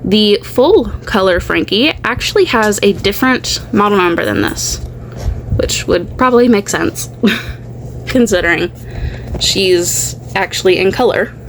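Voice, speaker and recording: A woman's voice: mid-range voice, lively intonation, a little slow, a little hiss or hum, poor audio. A woman hosting a doll unboxing at home, chatting casually and rambling. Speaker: doll unboxing channel host.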